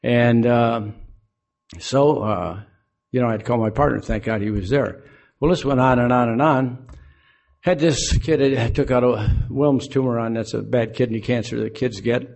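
A man's voice: medium pitch, moderate pace, gravelly, darkish tone. Older man telling a self-mocking story. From Illinois. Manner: folksy, self-mocking, acts out both sides of dialogues. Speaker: recovery meeting speaker. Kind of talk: storytelling talk to a group.

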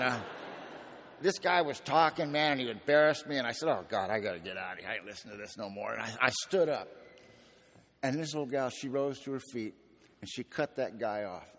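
A man's voice: medium pitch, a bit bright, a little hiss or hum. A man speaking at a recovery meeting, telling his story with gritty slang and dry humor. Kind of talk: personal testimony talk. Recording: echoey hall.

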